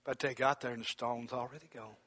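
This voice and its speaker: A man preaching a sermon, swinging from loud exclamations to near-whispers and calling out to brothers by name. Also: mid-range voice, steady tone, fairly quick, no echo.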